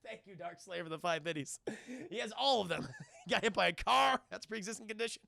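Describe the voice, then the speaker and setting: A man live-streaming a casual, profane recap of a film to his chat, rambling and acting out scenes in loud voices. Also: high voice, fast talker, vocal fry, no echo, clean studio sound. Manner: talks to chat, thanks viewers.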